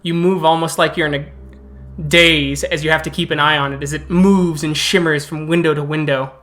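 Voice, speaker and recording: A man narrating a tabletop role-playing game as game master, setting scenes in a calm, descriptive way. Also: fairly high pitch, brisk.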